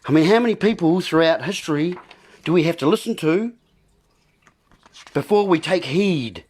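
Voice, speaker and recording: A man's voice: fairly high pitch, animated, normal speed, darkish tone. A man hosting a political monologue, ranting and repeating himself as he keeps addressing his listeners as folks. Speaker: video host.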